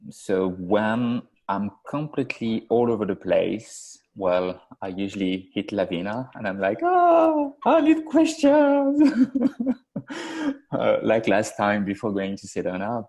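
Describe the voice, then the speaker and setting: A man's voice: sits low, fairly even intonation, normal speed, vocal fry, hardly any pauses, darkish tone, poor audio. A man answering a question in a group coaching session, hesitant and casual. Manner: hesitant, many fillers. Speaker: coaching client.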